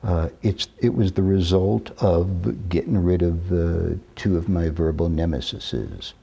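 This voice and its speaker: A man in his sixties from New York, telling stories in an interview with measured, deliberate, careful diction. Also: low-pitched, creaky, dark tone, slightly rough, highs cut off. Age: 60s. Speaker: interview guest. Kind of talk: reminiscing interview talk.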